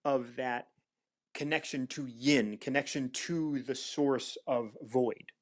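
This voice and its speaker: A man's voice: medium pitch, slow pace. A man hosting a casual spiritual discussion, talking thoughtfully with frequent restarts. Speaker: recovery mentor and host.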